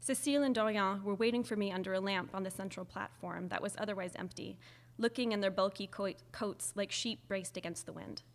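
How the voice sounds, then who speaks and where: A woman reads a first-person novel in a middle pitch and at an even level. Her narration is measured and expressive, like a polished audiobook.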